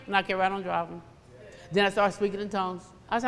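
A woman's voice: medium pitch, racing, a bit bright. A woman preacher delivering a sermon, emphatic and repetitive, acting out the voices she quotes. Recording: long hall reverb.

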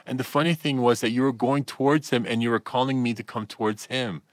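A man's voice: medium pitch, brisk, dry recording. A man who ministers in Iran, a radio interview guest, telling stories and acting out dialogue with many fillers. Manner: animated storyteller, acts out quoted dialogue, many fillers.

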